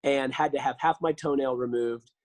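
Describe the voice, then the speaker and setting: A man's voice: mid-range voice, normal speed, no echo, rough recording. A man, a podcast guest telling casual stories full of fillers. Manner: animated storyteller, lots of fillers.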